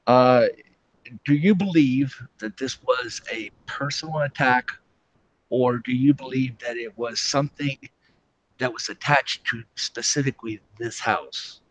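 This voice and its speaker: A man hosting an interview, asking measured, probing questions. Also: medium pitch, fairly bright tone, slight background noise, low-quality recording. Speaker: host.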